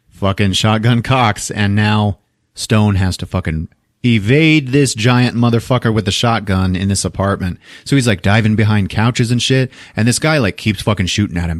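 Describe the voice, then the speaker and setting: In a clean, dry studio recording, a man with a lowish voice co-hosts a podcast and recaps a movie in order at a moderate pace. He tells it in an animated, profane way, hopping into the characters' voices to play out their lines.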